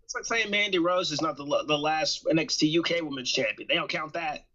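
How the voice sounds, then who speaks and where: A man's voice: a little high, brisk, lo-fi sound, crowd noise. A man co-hosting a casual wrestling podcast, rambling and repeating himself with a joking tone. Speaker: podcast co-host.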